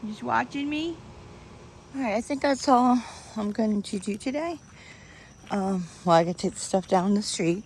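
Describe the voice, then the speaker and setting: A woman's voice: mid-range voice, moderate pace, darkish tone, a little hiss or hum. Lady vlogging yard work outside, rambly and chatty, camera right up by her face. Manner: chatty, rambling, laughs often. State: out of breath at times. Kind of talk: casual outdoor vlog. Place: outdoor yard. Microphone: handheld camera close to face.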